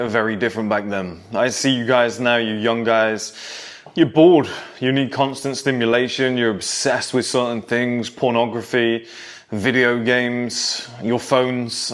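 A man in his thirties speaking directly to younger men, telling stories from his youth and acting out scenes in a lecturing way. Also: mid-range voice. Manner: direct, lecturing storyteller who acts out scenes. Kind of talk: storytelling monologue.

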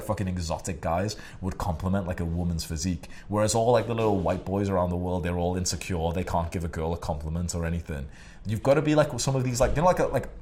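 Deep-voiced brash man giving dating advice. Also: a little mellow, slight background noise. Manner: brash and profane, with many fillers. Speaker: dating coach. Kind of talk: casual advice monologue.

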